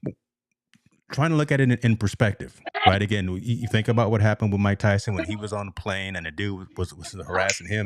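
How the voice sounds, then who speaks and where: A man's voice: fairly low pitch, fairly quick, no echo. A man hosting a live sports talk show, chatting casually and often repeating words as he starts a thought. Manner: laid-back, repeats words when starting. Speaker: podcast host.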